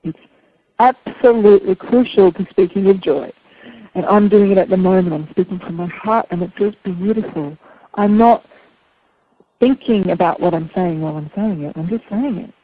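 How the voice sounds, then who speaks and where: A woman speaking coach giving an earnest, expressive teaching talk, acting out anxious inner voices as she explains. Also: medium pitch, moderate pace. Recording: tinny phone-like line.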